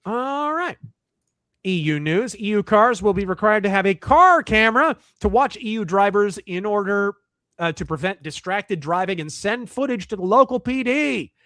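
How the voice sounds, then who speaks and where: A man's voice: sits high, lively intonation, moderate pace, a bit bright, dry recording, studio quality. A man hosting a livestream, reading chat and articles aloud and answering in a blunt, profane, wry way. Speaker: streamer host.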